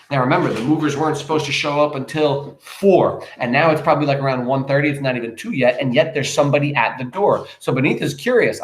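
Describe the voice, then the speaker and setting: A man's voice: mid-range voice, fast, few pauses, roomy sound. A man teaching a class, reading a play aloud and explaining it in a chatty, emphatic way.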